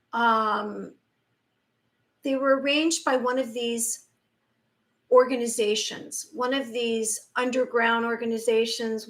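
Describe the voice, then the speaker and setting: A woman's voice: high voice, a bit bright. A woman in her forties hosting a spiritual talk, speaking in a casual, rambling way, with restarts and quoted asides. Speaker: spiritual channel host. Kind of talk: casual monologue.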